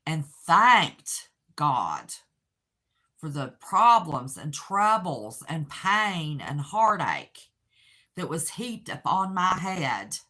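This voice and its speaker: A woman's voice: low-pitched, very animated, extremely slow, bright, forceful tone. An older woman speaking as a channel host, giving an earnest, heartfelt personal testimony. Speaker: channel host sharing her faith and grief.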